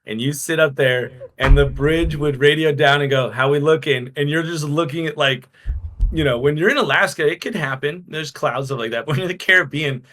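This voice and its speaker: A man's voice: fairly high pitch, a little fast, bright, forceful tone. A man co-hosting a podcast, chatting casually and explaining in long run-on stretches. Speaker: podcast co-host. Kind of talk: casual chat.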